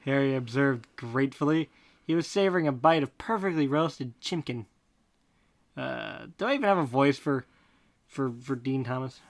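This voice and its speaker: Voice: medium pitch, moderate pace. Snarky comic reader of fan fiction. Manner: deadpan reading broken by snarky asides and laughter. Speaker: podcast host reading fanfiction aloud. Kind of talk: comic fanfic reading with asides.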